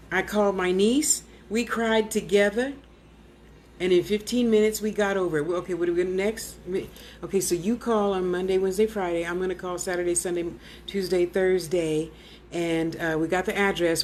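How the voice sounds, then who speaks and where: A woman's voice: lowish voice, slight background noise. A woman clairvoyant medium in casual live-stream chat at home, rambling and blunt, talking straight to her viewers.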